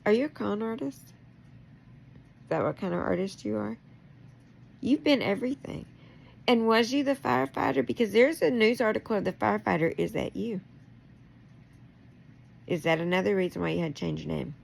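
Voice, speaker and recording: A woman's voice: medium pitch, normal speed, vocal fry, pauses often, a little hiss or hum. A middle-aged woman in a rambling, emotional personal monologue, confronting someone directly and laughing through her anger.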